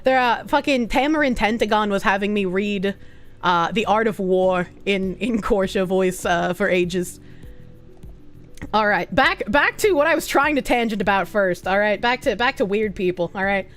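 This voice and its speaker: A woman's voice: mid-range voice, moderate pace, faint music behind. A woman streamer chatting casually with her viewers, swearing often and rambling off on tangents. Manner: swears a lot, rambling and self-interrupting. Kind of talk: casual live-stream chat.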